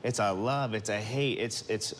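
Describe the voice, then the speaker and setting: A man's voice: fairly low pitch, normal speed, slight background noise. A man on a talk show, answering in a hesitant, sheepish way with stammered agreement.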